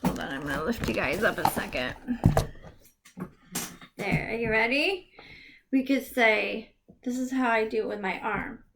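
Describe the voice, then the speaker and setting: A woman teaching a video lesson to young children, clapping out words in a slow, exaggerated, sing-song way. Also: fairly high pitch, expressive, creaky, fairly bright tone. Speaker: preschool teacher.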